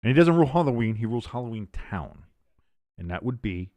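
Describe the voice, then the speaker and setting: A man's voice: mid-range voice, big pitch swings, fairly quick, a little mellow, no room sound. A man hosting a sports watch-along stream, chatting casually between play-by-play calls, rambling with fillers, restarts and casual swearing.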